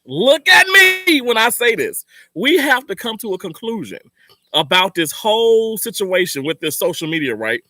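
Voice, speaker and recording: A man's voice: sits high, very animated, moderate pace, sharp tone, dry recording. A man hosting his channel in casual live talk to viewers, emphatic and motivational, repeating his points. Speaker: channel host.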